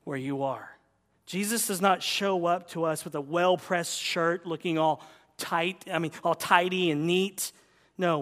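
A man's voice: high-pitched, fairly bright tone. Impassioned preacher, man, in a church. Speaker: pastor. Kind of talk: sermon. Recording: long reverb of a large hall.

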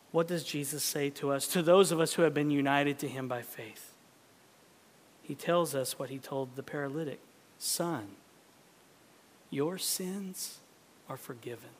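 A man preaching to his congregation before communion, swinging from loud urgent appeals to hushed, near-whispered prayer. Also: medium pitch, a little hiss or hum. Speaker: pastor. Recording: long reverb of a large hall.

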